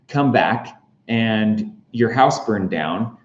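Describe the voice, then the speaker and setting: A man's voice: fairly low pitch, expressive, extremely slow. A man hosting a casual explainer vlog, chatty and full of fillers and jokey asides. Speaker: real estate explainer host. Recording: roomy, slightly dull recording.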